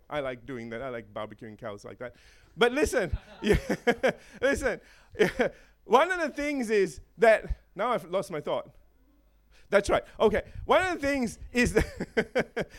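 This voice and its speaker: A man preaching a sermon to a congregation, animated and laughing often, checking in with the listeners. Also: high-pitched. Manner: animated, laughing, acts out voices of chickens and eagles; asks the congregation for responses.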